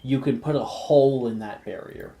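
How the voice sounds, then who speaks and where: A man runs a tabletop role-playing session over a video call. He has a relaxed, meandering way of talking and chuckles now and then. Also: mid-range voice, moderate pace. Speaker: game master. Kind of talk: running a tabletop game online.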